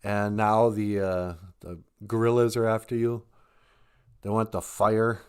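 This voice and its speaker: A stern, protective male panther from a jungle tale, as a man voices him in a retelling. He is firm and matter-of-fact, with a fairly low voice. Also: flat delivery, unhurried, clear, resonant tone, natural voice.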